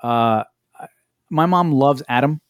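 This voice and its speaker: Speaking slowly in a medium-pitched voice, a man co-hosts a podcast, chatting casually and telling stories. He acts out quotes and swears in a relaxed way, and the studio-quality recording carries no room sound.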